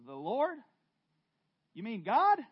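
A frantic, desperate man hanging from a cliff, as a preacher acts him out, shouting up for help in a high, strained voice. He pleads and bargains fast and loud. The sound is dull and lo-fi. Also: wildly swooping pitch, husky, heavily acted. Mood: pleading. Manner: frantic yelling, begging. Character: panicked man dangling from a cliff.

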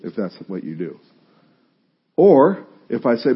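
A man preaching a conversational sermon as pastor, animated and joking, acting out what his listeners might say. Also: medium pitch, moderate pace, breathy edge, muffled recording. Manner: animated, acts out listeners' reactions, self-deprecating humor.

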